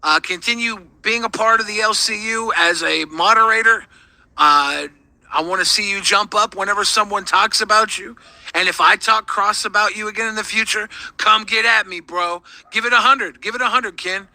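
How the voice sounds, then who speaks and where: A man's voice: high-pitched, normal speed, sharp tone, dry recording, low-quality recording. A man on a live stream talking provocatively with swagger, calling people bro. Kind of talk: casual live-stream chat.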